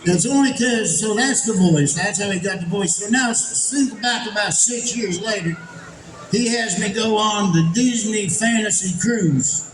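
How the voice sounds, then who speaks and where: A man doing stand-up with a drawling, folksy manner and a fairly high voice. He is picked up by a stage mic in an echoey venue, with steady noise behind him. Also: measured pace. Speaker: stand-up comedian. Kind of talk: live stand-up storytelling. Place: large indoor event venue.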